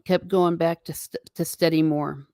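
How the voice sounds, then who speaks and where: A woman's voice: low voice, steady tone, a little slow, dark tone, no room sound, clean studio sound. A woman hosting a live stream, chatting casually and reading viewer comments aloud with frequent laughs. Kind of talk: casual chat. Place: home.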